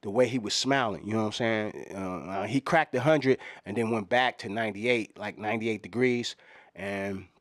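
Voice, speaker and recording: A man's voice: lowish voice, normal speed, hardly any pauses, no room sound. Rambling man with a dry close sound. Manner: rambling, digressive, full of "you know what I'm saying". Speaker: comedian doing a mock fan press conference. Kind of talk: rambling parody press conference. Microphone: microphones in front of him at a podium.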